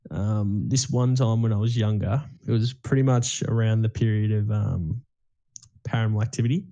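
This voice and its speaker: Mellow-voiced young man. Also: lowish voice, steady tone, moderate pace, dull audio. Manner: rambling storytelling, swears freely, many fillers. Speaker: podcast co-host. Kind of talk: casual chat.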